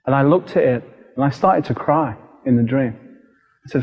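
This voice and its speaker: A British man preaching a sermon as a lively storyteller, acting out the voices in his story. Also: mid-range voice, moderate pace, breathy edge. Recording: dull recording with long hall reverb.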